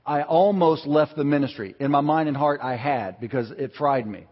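A man with a fairly high, husky voice preaches a sermon in a storytelling way, turning to the congregation with questions. The sound is dull, with a long reverb trailing off the walls of a church hall. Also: moderate pace. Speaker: pastor.

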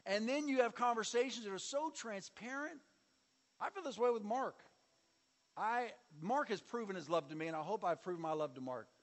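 Male pastor, high voice, sermon with call-and-response, long hall reverb. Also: animated, normal speed. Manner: preaching with audience call-and-response and sweeping shifts in volume.

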